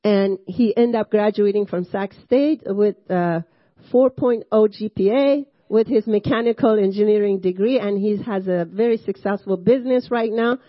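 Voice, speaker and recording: A woman's voice: mid-range voice, moderate pace, no room sound, dull audio. Iranian woman in her sixties giving testimony. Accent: Persian. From Iran. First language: Persian. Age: 60s. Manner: conversational with frequent fillers and self-interruptions, laughing asides. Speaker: guest speaker at a church service. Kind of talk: personal testimony sermon.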